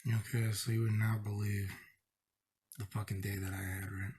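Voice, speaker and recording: A man's voice: on the low side, flat delivery, moderate pace, darkish tone, breathy edge. A young man vlogging casually, sick and exasperated, rambling profanely about a bad day. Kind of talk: casual vlog rant.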